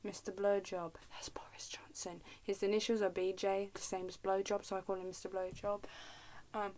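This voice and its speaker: A woman's voice: medium pitch, flat delivery, moderate pace, darkish tone. Giggly young English woman rambling at home. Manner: chatty and giggly, drops into whispers. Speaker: vlogger. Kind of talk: casual rambling chat to camera. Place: at home in her room.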